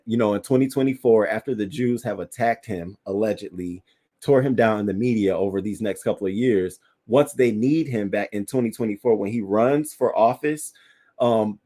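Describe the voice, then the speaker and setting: A man's voice: fairly low pitch, mellow. Blunt, cussing male stream host. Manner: blunt and profane, talks straight to viewers. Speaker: livestream host reading viewer chat. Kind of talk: casual celebrity news commentary.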